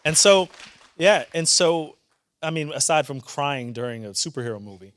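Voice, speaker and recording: Animated New York man on a stage. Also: on the high side. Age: 30s. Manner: animated, candid and earnest, quick restarts. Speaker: judge. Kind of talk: conversational storytelling on stage.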